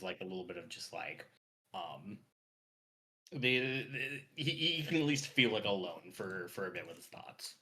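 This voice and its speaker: A man's voice: lowish voice, bright, forceful tone. A man playing in a tabletop game, describing his character hesitantly and searching for words. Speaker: player.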